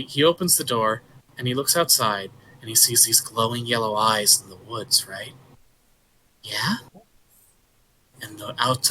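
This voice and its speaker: A man narrating a tabletop game as game master, telling a story with animated sound effects. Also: mid-range voice, rough recording.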